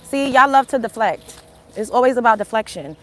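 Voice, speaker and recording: Emphatic confrontational woman, fairly high voice. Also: expressive, moderate pace, a bit bright, slight background noise. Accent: African American Vernacular English. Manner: emphatic, confrontational, repetitive rhetorical questions. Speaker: livestream host. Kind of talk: opinionated livestream rant.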